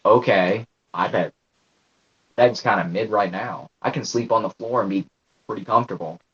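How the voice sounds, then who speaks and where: A man in a casual podcast chat, talking in a laid-back way and making joking, deadpan asides. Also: lowish voice, moderate pace, husky. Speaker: podcast co-host. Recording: muffled lo-fi audio.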